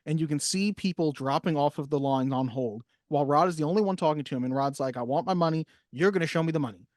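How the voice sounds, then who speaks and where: Animated man co-hosting a film podcast. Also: a little high, quick pace, no echo, studio quality. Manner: animated, acts out movie lines. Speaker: podcast co-host. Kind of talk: casual film discussion.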